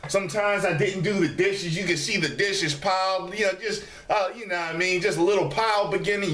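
Speaking in a high, brisk voice with barely a pause, he vlogs casually from the dining room of his studio apartment, where the sound echoes. He's lively and foul-mouthed, and mimics commenters by raising his voice.

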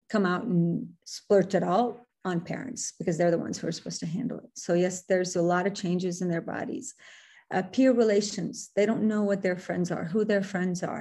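Earnest woman speaker with a mellow voice. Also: mid-range voice. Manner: earnest, repeats and corrects herself, mixes in Arabic phrases. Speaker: workshop speaker. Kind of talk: webinar presentation to parents.

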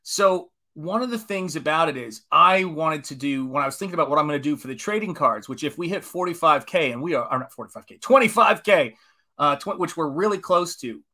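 A man's voice: on the high side, animated, fairly quick, bright, forceful tone. A man in his forties, an artist chatting casually on a live stream while painting, enthusiastic and rambling as he greets viewers. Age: 40s.

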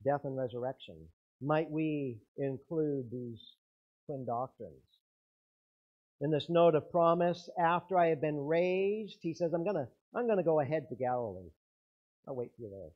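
A man's voice: on the high side, animated, measured pace, lo-fi sound. A man preaching a sermon as pastor, earnest, his intensity rising and falling.

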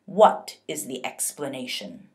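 A woman's voice: extremely low pitch, big pitch swings, slow pace, voice pushed down, heavily acted. A woman reading as a harsh soldier officer. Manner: harsh, condescending, demanding. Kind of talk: reading a novel aloud.

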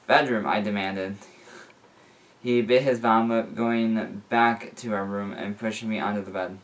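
A man reading a fan fiction story aloud in a plain, unhurried way. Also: on the low side. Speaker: reader.

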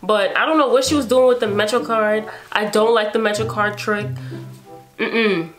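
Young woman, casual storytime, animated and repetitive, music in the background. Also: medium pitch, normal speed. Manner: animated, repeats herself, acts out her own reactions. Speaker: beauty vlogger.

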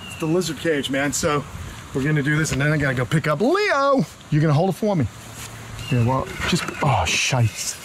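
A man's voice: fairly high pitch, very animated, moderate pace, background noise. A brash, joking man with a Long Island New York accent hosts a casual backyard building vlog. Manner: brash, joking, street-talking. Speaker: reptile channel host. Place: backyard, outdoors.

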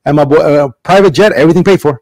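Brief: middle-aged male podcast host, animated storyteller, fairly high voice, dry close sound. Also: very fast, no echo. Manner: animated storyteller, acts out quotes with big voices. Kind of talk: casual chat.

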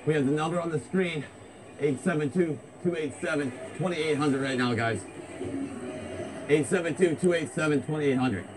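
A breathless, hyped man vlogs on a busy street and keeps repeating himself. His voice sits a little high for a man. Loud street noise surrounds him. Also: normal speed. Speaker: parody vlogger host. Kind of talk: comedic vlog chatter.

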